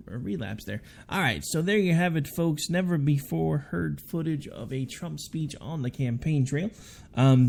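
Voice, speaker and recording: A man's voice: medium pitch, vocal fry, mellow. A man hosting a political talk radio show, talking through his views in a conversational, hedging way. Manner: conversational, hedging, frequent restarts.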